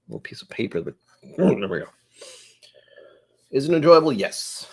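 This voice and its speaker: A man's voice: mid-range voice, darkish tone, slightly rough. A man hosting a casual whiskey tasting livestream, thinking aloud and correcting himself as he goes.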